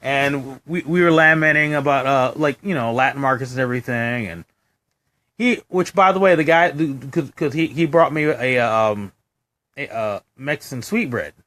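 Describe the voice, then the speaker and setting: A man's voice: mid-range voice, moderate pace. A man co-hosting a casual live-stream chat, telling a story with lots of restarts and acted-out quotes. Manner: animated storytelling, acting out quoted voices, many restarts. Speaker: co-host.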